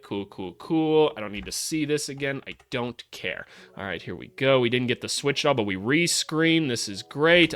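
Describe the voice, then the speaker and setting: Young male host, casual film breakdown, mid pitch, excitable, cursing. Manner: excitable, swears freely, talks to the players on screen. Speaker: host breaking down draft prospects.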